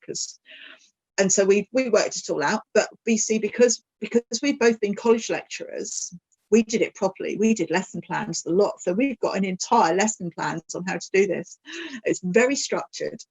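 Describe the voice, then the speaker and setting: A woman, a guest on an interview podcast, telling stories in a chatty, digressive, animated way. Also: mid-range voice, gravelly, husky, rough recording. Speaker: podcast guest, saddle fitter. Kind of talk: casual interview answer.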